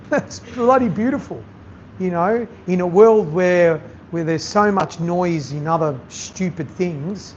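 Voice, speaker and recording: A man, a chef giving a masterclass, talking bluntly and animatedly to an audience and swearing freely. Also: fairly high pitch. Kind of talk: candid talk to an audience. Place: event venue with audience. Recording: slightly dull sound with faint noise.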